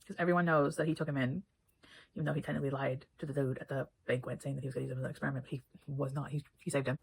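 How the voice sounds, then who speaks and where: A woman's voice: fairly low pitch, low-quality recording. A woman giving a casual book review, rambling and swearing freely as she chats. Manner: rambling, profane, chatty.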